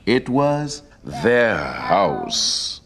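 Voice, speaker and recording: Man reading a picture book aloud to kids: slow, gravelly, very animated pitch. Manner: animated, coaxing storytelling. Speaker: reader of a children's book.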